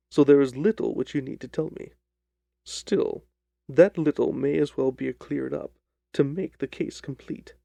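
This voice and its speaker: A man voicing a calm, confident detective who speaks in a measured, dryly ironic way in an audiobook reading of a detective story. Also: mid-range voice, gravelly, dry recording.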